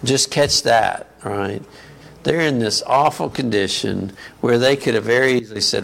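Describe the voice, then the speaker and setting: A man's voice: mid-range voice, normal speed, vocal fry, fairly bright tone. A man preaching a sermon in a conversational teaching manner, often asking the congregation questions.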